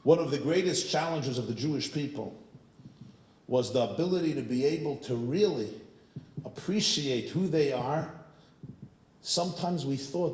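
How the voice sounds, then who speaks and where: A man's voice: medium pitch, expressive, normal speed, pauses often, darkish tone, echoey room. A man preaching as a rabbi in a synagogue, telling humorous anecdotes. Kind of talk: sermon with storytelling.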